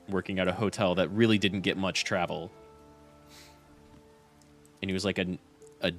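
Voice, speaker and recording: A young man streaming a game and chatting casually, rambling with lots of fillers and restarts. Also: low-pitched.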